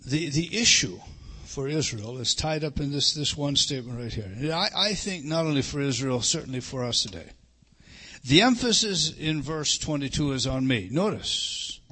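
A middle-aged man preaching a sermon, emphatic, rising to loud stresses and dropping to hushed lines. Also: medium pitch, lively intonation, moderate pace, slightly rough. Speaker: pastor.

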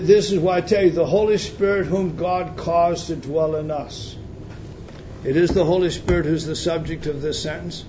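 A man preaching a sermon in an emphatic teaching manner, swinging between loud stresses and quiet intensity. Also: a little high, lo-fi sound, slight background noise.

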